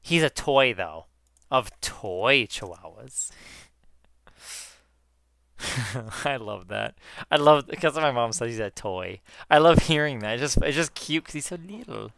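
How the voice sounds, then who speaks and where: A man in casual chat with viewers while gaming, excitable, swearing often and calling his viewers guys. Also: medium pitch, a little slow, creaky, smooth, no room sound, studio quality. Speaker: gaming YouTuber.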